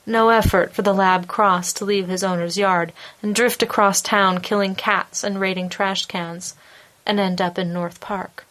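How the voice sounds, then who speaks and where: Calm woman narrating a story. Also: mid-range voice. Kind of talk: scripted narration.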